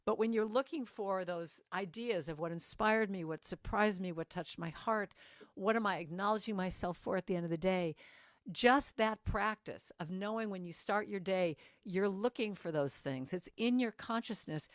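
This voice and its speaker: Give me a warm-hearted, chatty woman giving an inspirational talk over a video call, dry and close. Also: medium pitch, moderate pace, dry recording. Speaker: guest speaker and musician. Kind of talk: inspirational morning message.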